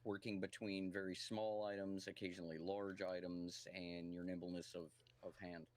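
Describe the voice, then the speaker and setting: A man's voice: deep voice, little pitch movement, moderate pace, a little mellow. A man chatting with friends in a dry, mock-serious way. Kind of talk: casual chat with friends.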